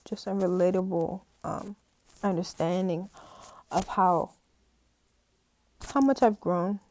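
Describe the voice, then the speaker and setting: Speaking slowly in a fairly low, dark voice with mostly even intonation, a young woman talks to the camera on her own channel. She's heartfelt and rambling, frequently says "you know," and often sounds tearful, on the verge of crying.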